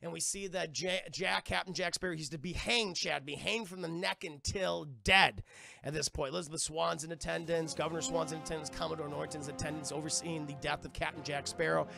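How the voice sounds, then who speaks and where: Gravelly, bright-voiced young man. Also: a little high, brisk, faint music behind. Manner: animated, profane, acts out lines in put-on voices. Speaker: streamer retelling a film to chat. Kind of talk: casual chat.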